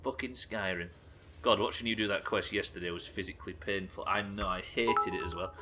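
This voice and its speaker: A man streaming a game live, talking excitably, swearing often and thanking viewers as he plays. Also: low-pitched, brisk, very noisy. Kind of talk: live gameplay commentary.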